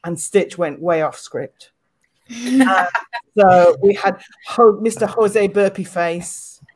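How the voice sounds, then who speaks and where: A woman's voice: mid-range voice, takes it slowly, a little mellow. A woman co-hosting a casual group chat, telling a story with enthusiasm. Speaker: podcast co-host.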